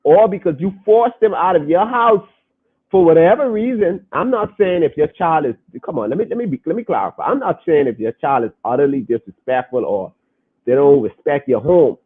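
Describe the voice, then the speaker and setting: A man's voice: fairly high pitch, animated, fairly quick, breathy edge. A young adult man hosting a casual podcast stream, talking earnestly and repeating phrases for emphasis. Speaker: podcast host reading viewer comments. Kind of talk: casual live-stream talk. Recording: phone-like lo-fi audio.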